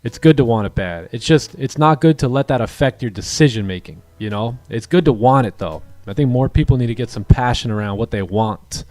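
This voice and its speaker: A man hosting a live trading stream, encouraging his students and telling animated stories with voiced quotes. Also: fairly quick, few pauses, no room sound. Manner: animated storytelling, acts out quoted dialogue in a higher voice; encouraging, motivational. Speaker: day-trading coach and stream host. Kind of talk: casual livestream chat.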